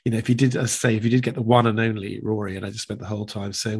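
A middle-aged man, a guest impressionist, chatting casually on a podcast, rambling fast and slipping into voices mid-sentence. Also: lowish voice, steady tone, a little hiss or hum.

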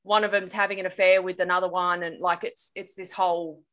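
Bright woman explaining in rambling chat. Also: on the low side, flat delivery, brisk. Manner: rambling explanation with many fillers and restarts. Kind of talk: casual podcast chat.

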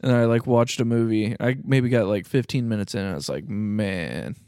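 A man's voice: mid-range voice, darkish tone, clear, resonant tone, no room sound. Laughing podcast guy, dry sound. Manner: laughs often, quick reactions. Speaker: podcast guest. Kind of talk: casual chat.

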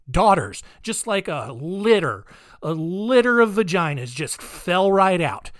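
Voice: medium pitch, fairly bright tone, no room sound, studio quality. A comedy podcast host retelling saint stories in a sarcastic, rambling way, with many fillers.

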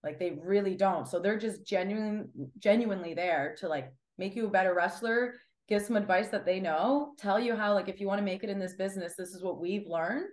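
Young woman chatting away, animated, echoey room. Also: medium pitch, fairly quick, hardly any pauses. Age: 20s. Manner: chatty, animated, acts out quotes. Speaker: guest wrestler. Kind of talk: casual interview chat.

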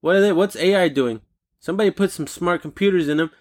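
A man's voice: high voice, quick pace. A man hosting a comedic solo rant, rambling and profane, with jokey digressions.

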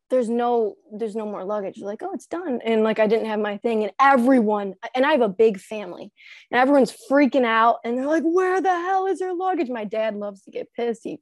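A woman's voice: on the high side, no room sound. A young woman in casual podcast chat, telling a laughing, easygoing story.

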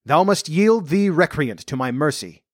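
A man's voice: on the high side, lively intonation, normal speed, no room sound, studio quality, pitched above the performer's own voice. A man voicing a loyal but deceived medieval knight in an audiobook reading, speaking archaic courtly lines earnestly. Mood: defiant. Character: loyal deceived knight, male, adult, remorseful.

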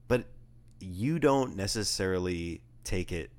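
A man with a very low voice chats casually as a podcast co-host. He jokes and rambles through stories. He sounds like a young adult. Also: lively intonation, measured pace, a little mellow. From Southern California. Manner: joking, rambling storyteller. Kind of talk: casual chat.

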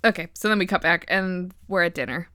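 A woman's voice: lowish voice, a little fast, sharp tone, dry recording. A woman hosting a podcast, casually recapping a movie in a rambling, profane, giggly way.

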